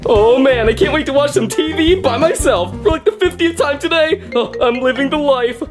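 A man's voice: very high voice, normal speed. A man voicing a weary middle-aged father who talks in an exasperated, stammering way. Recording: music behind.

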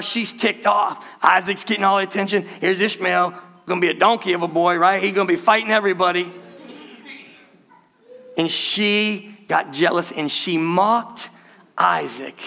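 A middle-aged man preaching a sermon, retelling a story with lively asides and calling out to the congregation as "church". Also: high-pitched, moderate pace, creaky. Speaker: pastor.

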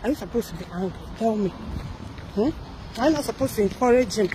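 A young woman with a Nigerian accent talks in a fairly high voice, her tone dripping with sarcasm. She peppers a satirical commentary vlog with mocking rhetorical questions, with a faint hum of background noise. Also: lively intonation, brisk, pauses often. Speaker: celebrity gossip vlogger.

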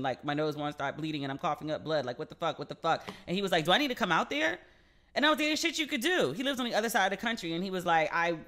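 A woman's voice: lowish voice, a bit bright. Woman, podcast host, solo chat, candid, swearing, filler-heavy. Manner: chatty, candid, swears freely, lots of "like".

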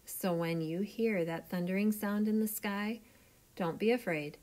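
A woman reading a children's storybook aloud in an expressive, gentle way. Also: mid-range voice, a little slow.

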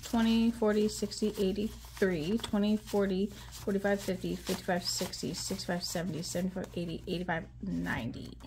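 Woman vlogger counting bills out loud, chatty, lots of ums, bit of faint noise in back. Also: mid-range voice, steady tone, brisk, gravelly. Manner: chatty, counts money aloud, frequent ums. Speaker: budgeting vlogger. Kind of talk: casual chat while counting cash.

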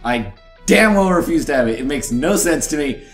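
A man's voice: on the high side, expressive, normal speed, soft background music. A brash young man co-hosting a podcast in casual group chat, emphatic and swearing freely. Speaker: podcast co-host.

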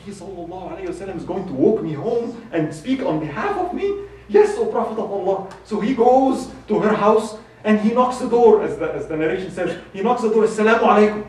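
A man giving a sermon, telling a story with lively acted quotes. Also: high voice, brisk. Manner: animated storyteller, voices quoted speech, laughs. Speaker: khutbah speaker. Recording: echoey hall from far off.

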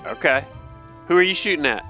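A man's voice: fairly high pitch, expressive, brisk, sharp tone, soft background music. A man chatting casually during an online game, wry and grumbling about his losses. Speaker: gamer. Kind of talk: casual gaming chat.

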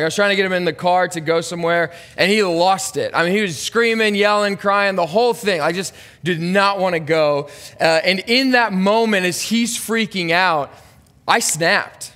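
Man in his thirties, pastor, earnest and confessional, fairly high voice, church hall with long echo. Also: unhurried, fairly bright tone. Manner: earnest, confessional, builds to urgent emphasis. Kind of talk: sermon. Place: church sanctuary.

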